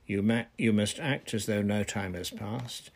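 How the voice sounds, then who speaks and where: A man voicing an old male wizard headmaster who speaks low, measured and urgent, reading a storybook aloud. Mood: grave.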